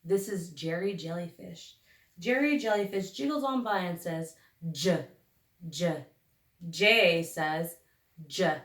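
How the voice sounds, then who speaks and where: A woman teacher leading a phonics lesson for young children, sounding out each letter slowly and deliberately. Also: on the low side, animated, a bit bright. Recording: echoey room, recorded from a distance.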